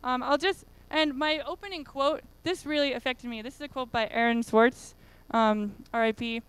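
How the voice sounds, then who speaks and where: A woman's voice: high voice, steady tone, moderate pace, clear, resonant tone. A woman giving a casual conference talk, chatty and full of fillers. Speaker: conference speaker. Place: conference room.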